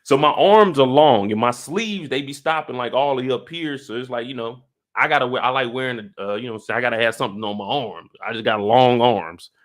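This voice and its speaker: A man in his thirties hosts a live stream, talking loosely in slang and greeting viewers by name in a casual review chat. His medium-pitched voice moves briskly with few pauses, recorded cleanly in a studio with no echo.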